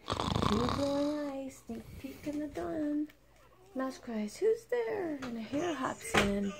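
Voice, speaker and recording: An older woman, a grandmother, gently reading a picture book aloud to a small grandchild, with soft asides between pages. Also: high voice, very noisy. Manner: slow, gentle storytelling with quiet asides.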